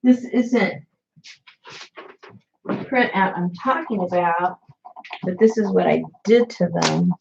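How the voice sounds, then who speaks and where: A woman with a low-pitched, gravelly voice chats about her crafts with viewers, rambling from thought to thought and full of fillers and restarts. The sound is dull and lo-fi. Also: takes it slowly, long pauses, a little mellow, slight background noise. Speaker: crafting channel host. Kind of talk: casual crafting chat to viewers.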